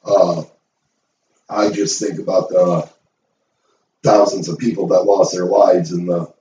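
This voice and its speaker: A man's voice: sits low, flat delivery, takes it slowly, mellow, a little hiss or hum. A middle-aged man hosting his own show, ranting to the camera in a blunt, profane, emphatic way. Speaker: host. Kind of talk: opinion rant to camera. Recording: roomy, distant, dull sound.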